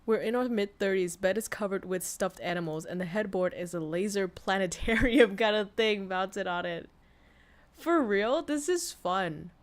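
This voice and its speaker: A young woman from Vietnam, a VTuber streamer chatting casually on a livestream, frank and quick to swear and laugh. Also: medium pitch. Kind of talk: casual livestream chat reading posts.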